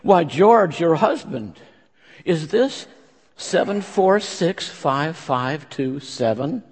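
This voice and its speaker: A man's voice: a little high, very animated, takes it slowly, husky, exaggerated voice. A man doing a kindly, soothing older mother. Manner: soothing, reassuring. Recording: long church-hall reverb.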